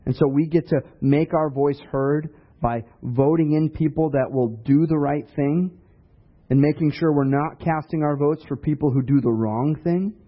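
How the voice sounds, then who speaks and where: A man's voice: fairly high pitch, normal speed. A man preaching a sermon in a conversational way, asking rhetorical questions. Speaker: pastor. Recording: dull lo-fi recording.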